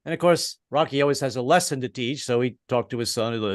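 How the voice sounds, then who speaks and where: A middle-aged American man doing an online stand-up set, halting and restarting, with deadpan punchlines. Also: medium pitch, no echo, clean studio sound. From American East Coast. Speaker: stand-up comedian. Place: home in Brooklyn, online show.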